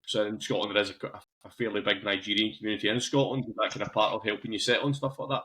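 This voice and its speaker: Male podcast host, quick talker, lowish voice, winding questions. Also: level tone, bright, forceful tone. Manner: rambling, loosely phrased questions. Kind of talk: interview questions.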